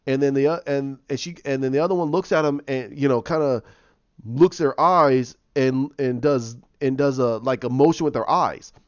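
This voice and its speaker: A man's voice: medium pitch, normal speed, clear, resonant tone, dry recording. A man casually recapping a comic book story, acting out the characters' lines with lots of restarts. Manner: animated, acts out characters' lines, many restarts. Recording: dry, muffled lo-fi.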